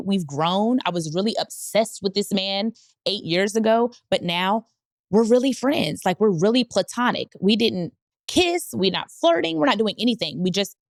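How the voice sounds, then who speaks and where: A woman podcast host telling a candid personal story, animated and leaping up in pitch when she quotes people. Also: dry recording, studio quality. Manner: animated, jumps high when quoting people.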